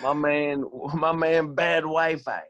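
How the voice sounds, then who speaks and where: A podcast co-host with a slightly high voice trades jokes with friends. He hammers a punchline again and again in easy, loose banter. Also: flat delivery, slow, a bit bright, highs cut off. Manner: joking banter with repeated punchlines. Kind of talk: casual chat.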